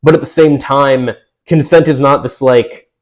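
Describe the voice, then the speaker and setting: A man's voice: mid-range voice, steady tone, a little slow, darkish tone, low-quality recording. A young man reacting to an article he reads aloud, sarcastic and exasperated, swearing often. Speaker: commentator.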